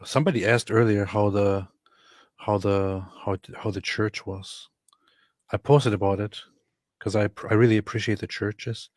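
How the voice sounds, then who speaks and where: A man's voice: on the low side, steady tone, moderate pace, no echo, studio quality. A man hosting a casual livestream, reading viewer messages and rambling with many fillers and restarts. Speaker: livestream host. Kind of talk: casual livestream chat reading super chats.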